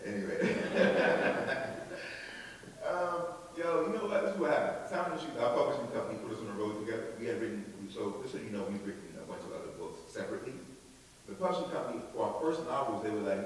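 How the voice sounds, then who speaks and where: A man's voice: fairly low pitch, animated, brisk, distant mic. Slangy man talking in an echoey hall. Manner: casual and slangy, addressing the crowd directly. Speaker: visiting author. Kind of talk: storytelling talk to a school audience. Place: school auditorium. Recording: echoey hall from afar, faint hiss.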